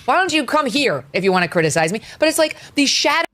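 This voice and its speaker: A woman's voice: sits high, big pitch swings, quick pace, a bit bright. A woman on a political panel, talking heatedly and swearing when she gets angry.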